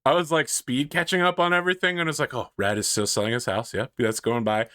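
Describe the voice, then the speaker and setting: A man hosting a casual podcast chat, animated, laughing often and swearing freely. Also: mid-range voice, quick pace, no room sound, studio quality. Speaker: podcast host.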